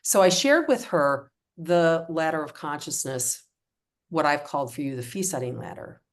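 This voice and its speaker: Low-voiced woman running an online coaching workshop, chatty and encouraging, video call sound. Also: lively intonation, normal speed. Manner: upbeat, encouraging, conversational. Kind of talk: live online workshop talk.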